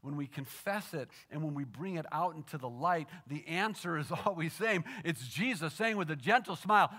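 A male pastor delivering a sermon, telling a story that swings from animated to soft and hushed, often repeating words as he builds a point. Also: on the high side, moderate pace, hardly any pauses.

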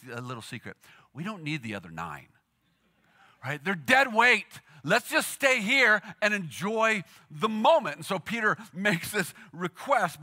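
A male pastor delivers a sermon as a casual, animated story, often slipping into the voices of his characters. His voice is bright and forceful. His pitch rides high and swoops widely from phrase to phrase. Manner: animated, conversational storytelling with acted quotes.

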